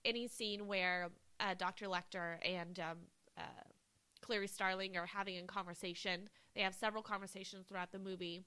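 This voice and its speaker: A woman co-hosts a casual film podcast with a bright, forward voice. She talks with gushing enthusiasm, leaning on "like" and "um" as she goes. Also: mid-range voice, fairly even intonation, a little fast, clean tone. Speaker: podcast co-host. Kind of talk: casual movie podcast chat.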